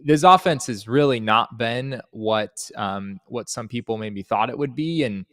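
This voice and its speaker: A man appearing as a guest on a sports podcast, talking through the analysis in a measured way with lots of filler "uh"s. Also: medium pitch, a bit bright, dry recording.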